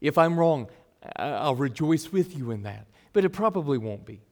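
A middle-aged man preaching a sermon to his congregation, earnest, swinging between full emphasis and soft, quiet asides. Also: on the high side, expressive, normal speed. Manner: earnest, varies loudness widely, drops to soft asides. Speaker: pastor.

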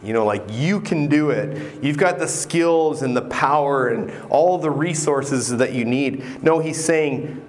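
A man preaching a sermon in a slow, deliberate way, pausing often and repeating words for emphasis. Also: medium pitch. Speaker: pastor.

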